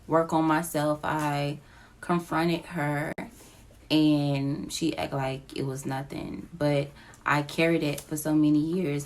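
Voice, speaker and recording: In a personal confessional vlog recorded on a phone app, a woman who is an adult with children speaks slowly and haltingly, pausing often. Her low voice has a gravelly fry, and she sounds emotional and near tears.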